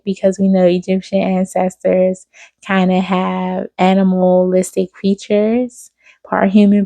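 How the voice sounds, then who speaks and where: Gravelly-voiced woman giving a spiritual reading. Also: medium pitch, dark tone, dry recording. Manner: affectionate, addresses listener as baby, repeats phrases. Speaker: spiritual reader on her own channel. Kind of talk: intuitive channeled reading to viewers.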